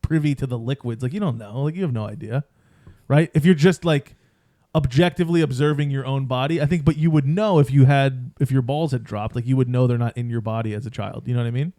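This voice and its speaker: A man's voice: mid-range voice, fast, dark tone, no echo, studio quality. Rambling man co-hosting a podcast. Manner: rambling, hedging with "like" and "I think". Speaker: podcast co-host. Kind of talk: casual chat.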